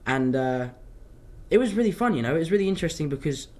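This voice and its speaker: Chatty young man, slightly high voice. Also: lively intonation, quick pace, a little mellow. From London, England. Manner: rambling, chatty storytelling, drifts off topic. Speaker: actor answering fan questions. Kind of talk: casual livestream Q&A.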